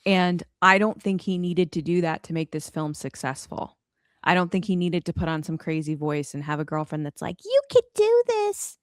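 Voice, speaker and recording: A young woman with a lowish voice co-hosts a chatty podcast. She lays out her opinions bluntly, sounding exasperated and leaning on fillers. The sound is close and dry, with no room echo. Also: fairly even intonation, moderate pace, clean tone. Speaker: podcast co-host. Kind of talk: casual chat.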